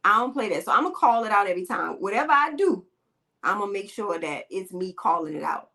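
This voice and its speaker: A woman's voice: medium pitch, big pitch swings, fairly quick, bright, forceful tone. Blunt, slangy woman podcast host. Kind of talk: casual opinion talk and storytelling. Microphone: podcast microphone.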